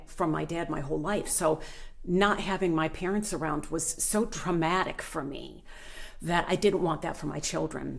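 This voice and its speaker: A middle-aged woman, a meditation channel host, telling a personal story in an earnest, heartfelt way, pausing and restarting often. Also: on the low side, vocal fry. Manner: spiritual.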